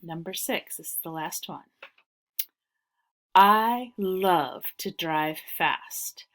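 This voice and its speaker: A woman reads dictation sentences aloud slowly and carefully. Her voice sits slightly low, and she repeats each sentence for the listener. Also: animated, fairly bright tone. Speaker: dictation reader.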